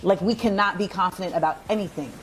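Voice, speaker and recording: A woman's voice: medium pitch, fast, a little hiss or hum. A woman speaking in a direct, declarative, assertive way.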